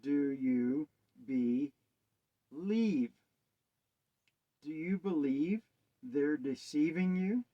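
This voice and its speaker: A man giving a rambling, hesitant monologue on wordplay and scripture, asking musing rhetorical questions. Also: on the high side. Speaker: self-styled preacher. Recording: dull lo-fi sound.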